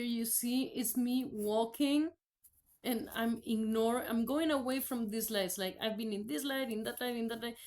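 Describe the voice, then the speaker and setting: Speaking in a slightly high voice with a darkish tone, a woman vlogger who grew up speaking Spanish tells her personal faith testimony. She's candid and rambling, with lots of fillers and restarts.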